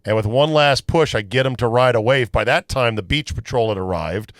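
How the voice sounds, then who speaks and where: A man's voice: medium pitch, brisk, no room sound. Guy on a podcast swapping stories, swears a lot, dry close mic sound. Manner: storytelling, profane and animated. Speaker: podcast host. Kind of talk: casual chat.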